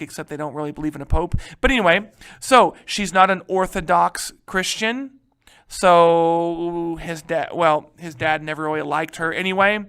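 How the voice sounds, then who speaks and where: A male history teacher giving a casual, animated lecture, joking and checking in with his students. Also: a little high, clear, resonant tone. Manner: animated, joking, keeps asking "right?".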